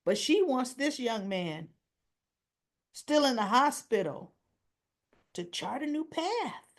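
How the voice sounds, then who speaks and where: A woman's voice: on the high side, big pitch swings, slow. A woman hosting a casual soap opera recap, retelling scenes in a chatty, opinionated way. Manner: chatty, opinionated retelling with frequent "he goes, she goes".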